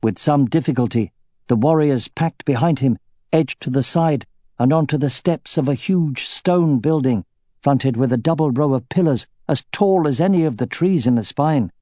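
A male audiobook narrator reading fantasy prose with measured, steady pacing. His voice sits in a mid range and sounds warm and mellow. The recording is dry and close. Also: medium pitch, no echo.

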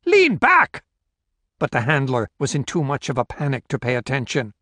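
This is scripted narration of a novel by a man working as an audiobook narrator. He sounds steady and measured at a medium pitch, and the studio sound is clean with no echo.

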